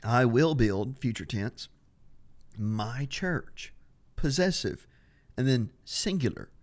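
A man's voice: medium pitch, slow pace. A man teaching a Bible study on a podcast, who stresses and repeats key words as he explains them. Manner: steady explaining, restarts phrases.

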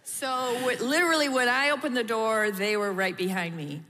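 A woman's voice: on the high side, normal speed, pushed and bright. A middle-aged woman co-preaching with her husband, talking candidly and reflectively about herself. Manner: candid, reflective, self-explaining. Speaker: pastor's wife, co-presenter. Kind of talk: conversational sermon with spouse. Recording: long reverb in large hall.

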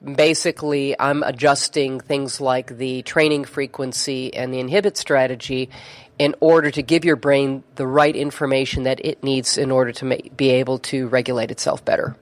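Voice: mid-range voice, little pitch movement, normal speed. A neurofeedback therapist telling a story in conversation, chatty, with frequent fillers and restarts.

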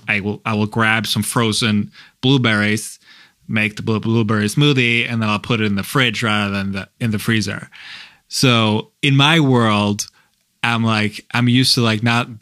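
Halting man with a dry sound. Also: on the low side, fairly bright tone, no echo. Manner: halting, many restarts and fillers. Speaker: husband in a couple's talk. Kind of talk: casual conversation.

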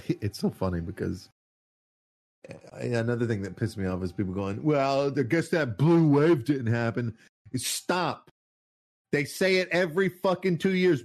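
A man's voice: on the high side, darkish tone. A man ranting in casual political commentary, sarcastic and mocking, swearing often and laughing often.

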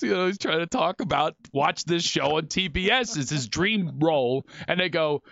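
A man from Philadelphia, a comedian guest, telling comic stories in a casual chat with animated, self-mocking energy. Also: a little high, moderate pace, creaky, hardly any pauses, no room sound, lo-fi sound.

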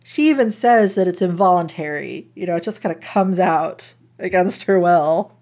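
A woman's voice: lowish voice, normal speed, darkish tone. A woman hosting a casual chat, retelling a story in an irreverent, giggly way with swearing. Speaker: podcast host.

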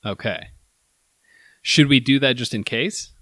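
A laid-back man tasting candy with a friend in casual chat. He has a mid-pitched voice and drops dry little jokes. The recording is close and dry. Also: a little slow, pushed and bright, dry recording.

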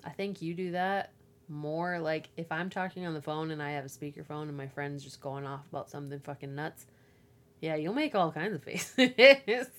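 A woman in her thirties co-hosts a casual podcast and tells stories in an animated way. She slips into other people's voices when she quotes them. Her voice sits a little low for a woman. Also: normal speed. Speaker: podcast co-host. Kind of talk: casual chat.

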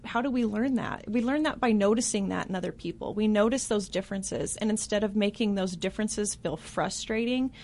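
A woman's voice: medium pitch, brisk, hardly any pauses, a little mellow, slight background noise. A woman guest on a talk show who explains her parenting advice in an earnest, affirming way.

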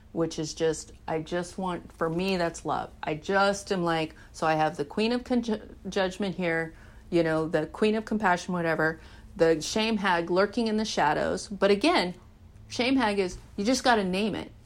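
A middle-aged woman with a somewhat low voice talks openly about her recovery. She is candid and animated and swears freely. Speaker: recovery speaker. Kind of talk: personal recovery talk.

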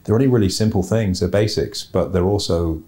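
A man's voice: sits low, fairly quick, warm tone. A man hosting a podcast, giving blunt, opinionated, plain-spoken advice in a casual way. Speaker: podcast host giving property investment advice.

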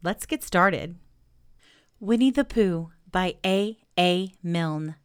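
Slow, low-voiced woman reading to children. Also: clean tone, no room sound, clean studio sound. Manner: gentle, slow, enthusiastic. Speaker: storybook reader and podcast host.

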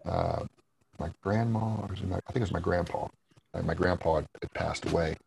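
Gravelly low-voiced man telling stories. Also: fairly quick, background noise. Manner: rambling, laughs often, swears. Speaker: guest, former wrestler. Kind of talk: casual interview storytelling.

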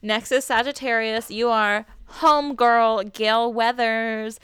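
A woman's voice: on the high side, fairly even intonation, unhurried, fairly bright tone, smooth, no echo. A woman co-hosting a podcast in casual chat, crude and playful, laughing often. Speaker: podcast co-host.

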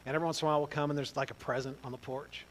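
A middle-aged pastor, preaching in a conversational storytelling way, dropping to quiet asides and rising to loud exclaims. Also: male voice, fairly high pitch, steady tone, racing, slight background noise, rough recording. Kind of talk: storytelling sermon.

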